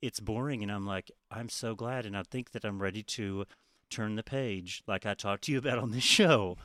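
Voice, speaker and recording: A man's voice: lowish voice, moderate pace, a bit bright, dry recording, clean studio sound. A man co-hosting a podcast in a casual, profane, chatty way, often laughing. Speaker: podcast co-host. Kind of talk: casual chat.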